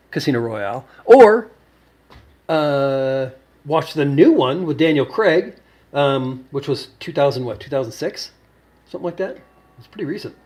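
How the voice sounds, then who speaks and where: A man hosts a home cocktail show and talks casually to the camera. His voice sits a little on the high side, and he rambles through his story with frequent fillers and false starts. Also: darkish tone. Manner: rambling, many fillers and restarts.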